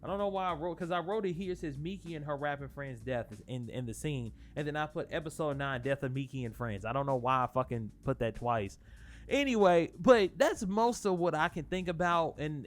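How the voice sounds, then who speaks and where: Casual male host, higher-pitched, swears freely and rambles through restarts, faint music under him. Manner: profane, rambling, frequent fillers and restarts. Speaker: channel host. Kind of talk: casual spoiler talk.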